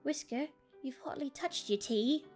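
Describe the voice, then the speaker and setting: A woman's voice: a little high, normal speed, soft background music, voice pushed up, close to an everyday voice. A woman doing a quaint antique doll, polite, a bit prim, put-on accent. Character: prim antique female doll, gentle and lonely.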